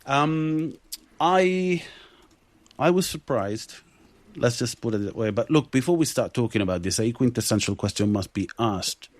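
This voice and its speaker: Lively laughing man hosting a podcast. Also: medium pitch, normal speed, no room sound. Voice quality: animated, laughs often, swears freely. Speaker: podcast host. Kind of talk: casual chat.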